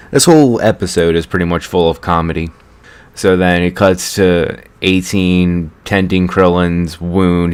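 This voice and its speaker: A young man with a very deep, low-pitched voice talks through a casual episode recap. He rambles in a chatty way and often stops to correct himself. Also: clean tone. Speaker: anime reviewer.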